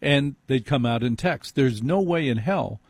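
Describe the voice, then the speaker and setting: A man's voice: mid-range voice, animated, unhurried, husky, no echo. A middle-aged man hosting a call-in radio talk show, blunt and opinionated, talking with emphatic asides.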